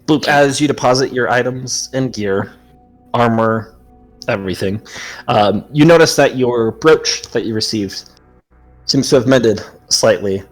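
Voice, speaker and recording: A male game master narrates a tabletop session in a relaxed, descriptive way, often pausing on "um". His pitch sits mid-range, and faint music plays behind him.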